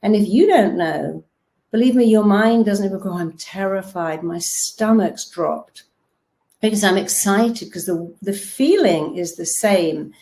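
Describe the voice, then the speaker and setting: A woman, a therapist giving a lively motivational talk and acting out quotes as she tells stories. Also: medium pitch, normal speed. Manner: lively storytelling with acted-out quotes. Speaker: therapist and self-help speaker.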